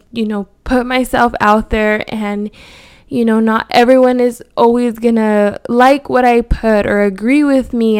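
A woman's voice: fairly high pitch, clear, resonant tone. A woman in her thirties, a podcast host, talking candidly and from the heart in a personal monologue, full of fillers. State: voice cracking with emotion.

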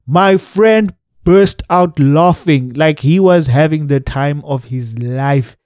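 A young man with a South African accent telling a personal story in a lively, laughing, chatty way. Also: on the high side, a little slow, few pauses, no room sound, clean studio sound. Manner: animated, mixing English with local phrases, laughs through the telling. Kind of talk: casual storytime monologue.

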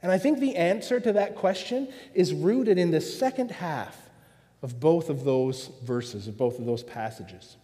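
A man's voice: a little high, expressive, unhurried, warm tone. A man preaching a sermon, earnest and full of rhetorical questions, in a church. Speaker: pastor. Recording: long hall reverb.

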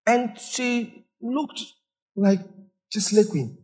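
A man preaching a lively sermon as pastor, acting out church members with sudden high shouts. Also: extremely slow. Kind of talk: lively sermon with acted-out stories.

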